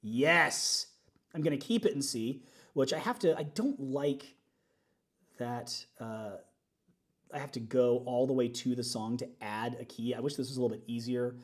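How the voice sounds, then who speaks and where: A man's voice: mid-range voice, moderate pace. A man, a worship leader, chatting casually and upbeat on a livestream while working things out aloud.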